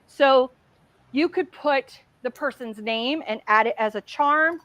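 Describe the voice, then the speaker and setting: A middle-aged woman hosting a casual craft livestream, chatty and excitable as she demonstrates while talking. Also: high voice, slow, dry recording.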